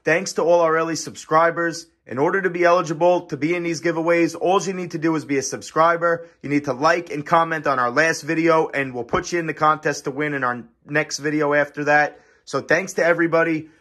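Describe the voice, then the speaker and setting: A man's voice: on the high side, fairly even intonation, brisk, few pauses, fairly bright tone. Eager man hosting an unboxing vlog. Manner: eager, chatty, addresses viewers directly. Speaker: card-opening channel host.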